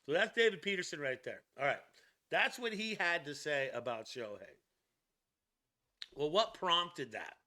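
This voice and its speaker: A man hosting a casual sports news channel, chatting excitedly with jokey asides and laughs. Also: fairly high pitch, a little slow.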